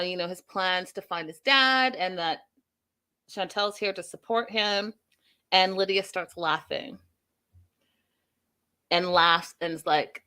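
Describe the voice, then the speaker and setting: An opinionated woman hosts a casual recap, talking straight to her audience. Her voice sits in an ordinary middle register, and she talks with lively feeling. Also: mid-range voice. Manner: opinionated, animated, addresses viewers directly. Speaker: host.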